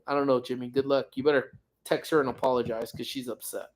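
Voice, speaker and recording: A man hosting a laid-back livestream from his home, drifting from topic to topic. He teases his viewers and jokes around as he reads their comments aloud. His pitch sits in the middle range. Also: steady tone, quick pace. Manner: rambling, joking, teasing viewers. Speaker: livestream host. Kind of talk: casual livestream chat reading viewer comments.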